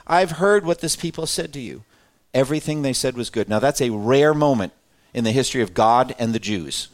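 Man teaching a Bible class. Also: medium pitch. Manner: reads scripture aloud with lively emphasis, then breaks off to explain; conversational, asks the class questions.

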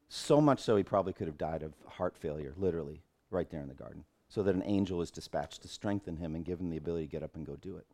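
A man's voice: low-pitched, dark tone. A middle-aged man, a pastor, teaching a Bible class in an earnest way, thinking aloud and often restarting his phrases.

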